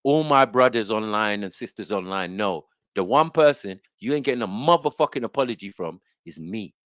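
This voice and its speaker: A man's voice: lowish voice, animated, normal speed, fairly bright tone, no room sound, studio quality. A man hosting an online panel, ranting in a boastful, confrontational way and swearing a lot. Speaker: host of an online panel show. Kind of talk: heated casual rant.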